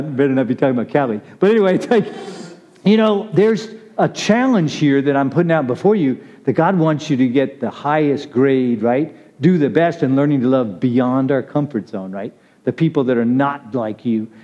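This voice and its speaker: A man's voice: medium pitch, expressive, moderate pace, dark tone. A man giving a casual, conversational sermon, chatty and laughing as he calls on listeners by name. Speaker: preacher. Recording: muffled lo-fi recording.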